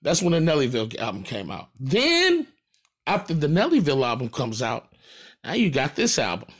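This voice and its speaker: A man from St. Louis with a St. Louis accent, talking straight to his audience in a profane, animated rant and repeating his points for emphasis. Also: medium pitch, normal speed, husky. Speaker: rapper. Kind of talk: casual direct-to-camera rant.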